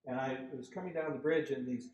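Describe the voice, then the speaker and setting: A man giving a guest lecture, telling lively anecdotes about a park design project. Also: medium pitch, brisk. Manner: storytelling, animated quoted voices. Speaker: guest lecturer, landscape architect. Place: lecture hall. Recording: echoey lecture hall.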